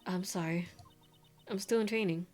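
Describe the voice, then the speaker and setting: A woman's voice: fairly low pitch, normal speed, darkish tone, close to an everyday voice. A woman reading game lines aloud as a polite, apologetic young spirit medium in training. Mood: pleading.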